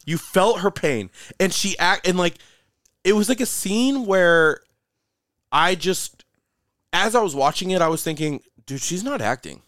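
A man's voice: high voice, unhurried, pauses often, fairly bright tone, dry recording, clean studio sound. A young man hosting a podcast, talking casually and animatedly, swearing and saying "like" and "dude" a lot. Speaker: podcast host. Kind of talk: casual chat.

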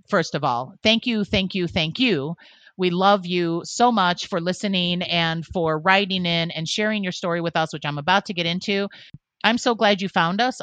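A woman's voice: on the low side, a bit bright, no echo. A woman co-hosting a podcast, earnestly reading a listener's letter aloud. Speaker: podcast co-host.

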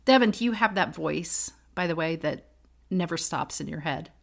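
A woman's voice: deep voice, lively intonation, moderate pace, vocal fry. A middle-aged woman co-hosting a casual faith podcast, telling personal stories earnestly and laughing often. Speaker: podcast co-host.

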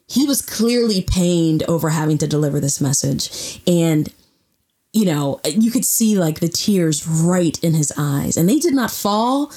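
A woman co-hosting a podcast, chatting casually and telling stories with lively acted-out quotes. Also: lowish voice, a little slow. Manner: animated storyteller, acts out quotes. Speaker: podcast co-host. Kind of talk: casual intimate conversation.

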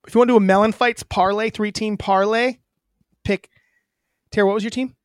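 A woman's voice: mid-range voice, steady tone, brisk, no room sound, studio quality. A woman co-hosting a podcast, chatting casually and joking brashly. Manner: brash, joking, gives betting picks. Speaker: podcast co-host. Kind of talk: casual chat.

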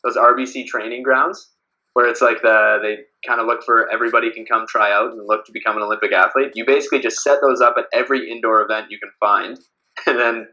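Speaking fast in a pushed, bright mid-range voice with a steady tone, a Canadian man appears as a podcast guest for a casual interview chat. He's a beach volleyball player who rambles, laughs often and uses lots of fillers, all on lo-fi sound.

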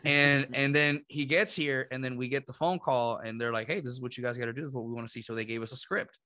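Lively man from Puerto Rico telling stories. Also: mid-range voice, quick pace, no echo. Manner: animated, laughing, acts out quotes. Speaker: podcast host. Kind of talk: casual storytelling.

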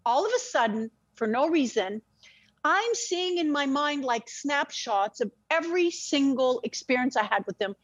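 A woman's voice: sits high, animated, moderate pace, no echo, dull audio. A woman telling an emotional personal story as a podcast guest. She speaks intensely and frankly, swears freely, and often restarts her words.

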